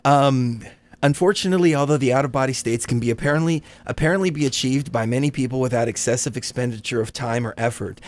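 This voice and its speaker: A man co-hosting a casual live stream, joking with chat, laughing often and reading a document aloud haltingly. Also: medium pitch. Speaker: livestream co-host.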